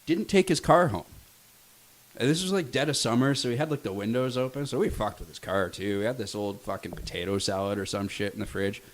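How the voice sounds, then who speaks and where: A man's voice: lowish voice, a little fast. A man on a podcast telling a crude story in casual chat, swearing often.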